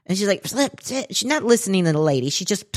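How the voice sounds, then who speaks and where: A woman in her forties, a podcast co-host, telling a story in casual chat and acting out the quotes. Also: rapid-fire. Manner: animated, acts out quotes with big pitch jumps.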